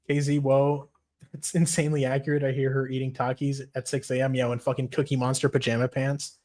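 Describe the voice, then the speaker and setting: Foul-mouthed excitable male streamer. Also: mid-range voice, brisk. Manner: profane, excitable, reads chat aloud. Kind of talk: casual livestream chat.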